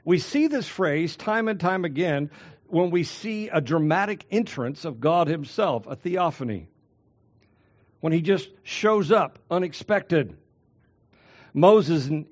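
A man preaching a sermon as a pastor, swinging between loud declarations and hushed, drawn-out phrases. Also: sits high, expressive, dull audio.

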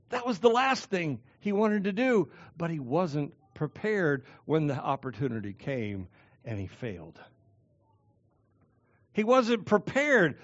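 A man preaching a sermon in a fairly high voice, leaning hard on key words and pausing for effect. The sound is dry and close, a little muffled. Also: dry recording. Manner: emphatic preaching with dramatic pauses and shifts in volume. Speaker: pastor.

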